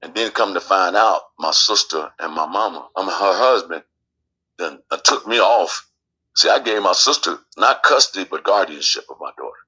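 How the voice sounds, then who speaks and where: A man with a deep, husky voice and bright, forceful edges tells a family grievance. He talks in swinging, animated bursts and acts out what others said to him. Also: poor audio. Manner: animated storytelling, acting out quoted family. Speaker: guest. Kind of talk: candid personal story.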